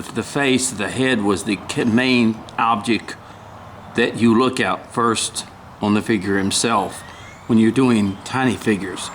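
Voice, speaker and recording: Older guy showing how to whittle, slow and rambly, keeps clearing his throat, a little hum behind. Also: mid-range voice, a bit bright. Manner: halting, rambling, frequent throat clearing and apologies. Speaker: woodcarving instructor. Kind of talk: casual carving demonstration.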